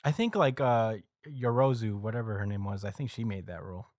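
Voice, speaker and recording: A man's voice: lowish voice, brisk, a little mellow, no echo, clean studio sound. A man co-hosting a podcast, casually recapping a story with plenty of ums and uhs. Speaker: podcast co-host. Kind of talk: casual chat, recapping a manga chapter.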